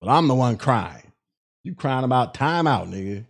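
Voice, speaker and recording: A man's voice: medium pitch, sing-song, moderate pace, breathy edge. A male podcast host on a live stream, ranting in a profane, mocking way at critics.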